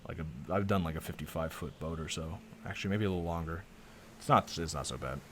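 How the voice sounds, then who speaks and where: A man's voice: very deep voice, fast, a little hiss or hum. A man streaming a visual novel, making laid-back, profane asides between reading lines. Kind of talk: casual gameplay commentary.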